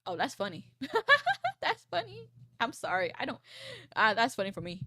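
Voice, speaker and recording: A woman in her twenties, a VTuber, chatting casually and reading posts aloud on stream, rambling and swearing, with a froggy, croaky low voice. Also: huge pitch swings, moderate pace, sharp tone, dry recording, studio quality. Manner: rambling, swears, laughs often.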